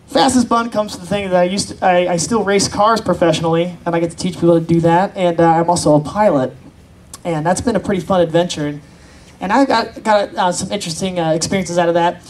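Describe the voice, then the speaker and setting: A stand-up comedian works an open-mic set on a convention stage before an audience, bantering with the crowd in a chatty, self-deprecating way. His voice sits high and moves fairly quickly, with slight background noise behind it.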